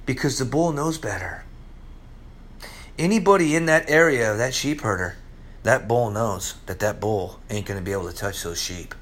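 A man preaching a sermon, telling stories with big swings between loud excitement and hushed, low moments. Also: moderate pace, a little hiss or hum. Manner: animated storytelling preacher, swinging from loud highs to hushed lows. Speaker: pastor.

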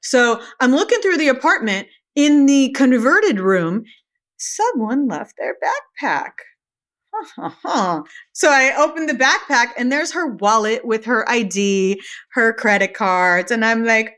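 A woman guest telling a story in a casual podcast interview. She is animated and acts out every quote, and her voice sits a little high for a woman. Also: a little slow.

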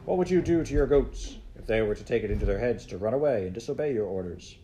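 A man voicing a stern, teasing old mountain grandfather who talks in gruff, mock-military tones. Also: medium pitch, expressive, fast talker, mellow, slight background noise, natural voice.

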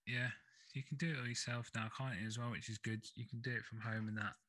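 A man's voice: mid-range voice, little pitch movement, fast, sharp tone, rough recording. A man hosting a podcast in casual chat, speaking in a laid-back way and often asking "do you know what I mean?". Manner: laid-back, chatty, asks for agreement. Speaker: podcast host.

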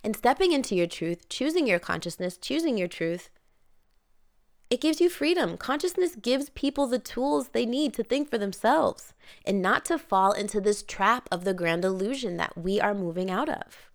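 Gravelly-voiced woman giving a motivational pep talk. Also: medium pitch, expressive, normal speed. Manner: candid, emphatic, swears casually. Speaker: podcast host and wellness coach. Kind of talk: casual motivational monologue. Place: home near the Caribbean.

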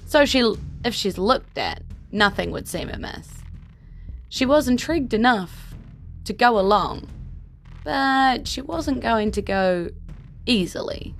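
A woman with a New Zealand accent who hosts a podcast and narrates an improvised tabletop game as the game master. She tells the story in a relaxed way. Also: on the high side, slow, creaky, faint music behind.

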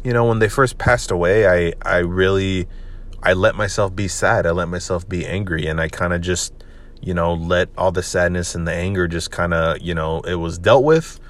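This podcast host is a young man with a deep voice speaking at a moderate pace. In his solo confessional monologue he rambles openly, leaning on "man" and "you know" again and again.

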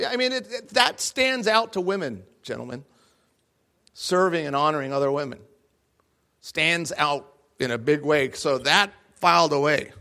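Bright, animated young man telling a story. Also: fairly high pitch. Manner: animated, jokey, acts out his own lines. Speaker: guest speaker. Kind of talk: storytelling talk to an audience.

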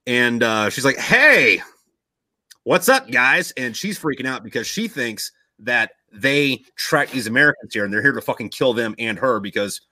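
A man's voice: medium pitch, sharp tone, no echo. A young man in casual podcast chat, telling a long story in a rambling way, swearing constantly and loosely acting out quotes.

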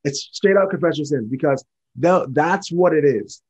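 A man's voice: on the high side, a little mellow, slightly rough. A man sharing his faith testimony as a podcast guest, earnest and repetitive. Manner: earnest, repetitive, fast-talking.

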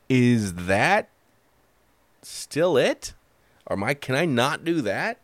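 A man's voice: mid-range voice, expressive, a little slow, no echo. A man in his thirties, a stand-up comedian hosting a podcast, telling rambling, self-deprecating stories in a loose, casual way. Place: home.

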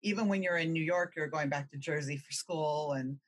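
A woman chatting casually, chiming in and agreeing, with a husky voice. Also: deep voice, dry recording. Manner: chatty, quick to agree and chime in. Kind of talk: casual chat.

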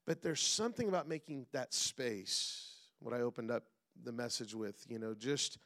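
This middle-aged man is a pastor delivering a sermon, speaking at a moderate pace with a medium-pitched, animated voice. He calls out to the congregation and shifts back and forth between loud and hushed.

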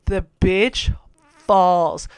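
A woman hosting a casual recap of a TV episode, talking bluntly and campily, swearing often and getting loud when excited. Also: on the low side, very slow, clear, resonant tone, no room sound, studio quality. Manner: blunt, campy, swears a lot. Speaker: show recap host. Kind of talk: casual profane TV recap commentary.

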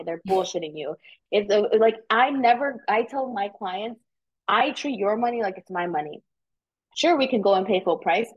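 A woman realtor chatting in a casual interview, telling animated stories and swearing casually. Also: mid-range voice, muffled recording. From United States. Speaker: realtor guest.

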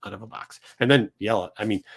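A man's voice: fairly low pitch, fast, creaky, breathy edge. A middle-aged man hosting a show, telling a story and acting out both sides of the exchange. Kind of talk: storytelling to a studio crew.

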